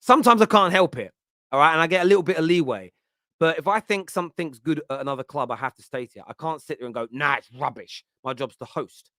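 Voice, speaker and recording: A chatty man in his thirties hosts a casual football talk show, rambling and joking with plenty of ums. His voice sits a little high for a man. The sound is dry and close, with no room echo. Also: animated, quick pace, sharp tone. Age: 30s. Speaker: host.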